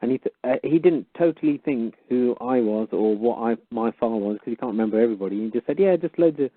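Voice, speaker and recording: Man, mid-pitched, animated storyteller, tinny phone line. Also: fast, dry recording. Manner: animated, with sudden jumps up in pitch. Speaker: guest on a call-in talk show. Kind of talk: casual storytelling, acting out conversations.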